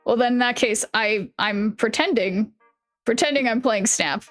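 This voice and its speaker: A woman streamer chatting casually with her viewers, rambling, restarting sentences, swearing and laughing often, her voice a little worn from yelling. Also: a little high, moderate pace, soft background music. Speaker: live streamer.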